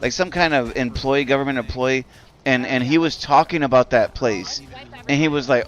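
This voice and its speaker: While playing a game on stream, this man goes on a rambling, profane rant at a moderate pace in a medium-pitched voice, leaning constantly on the word "like."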